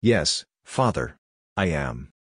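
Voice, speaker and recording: A man voicing a male shadow spirit with a soft, musical, slow and quietly amused way of speaking. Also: very deep voice, very animated, breathy edge, dry recording, clean studio sound, pitched below the performer's own voice, exaggerated voice.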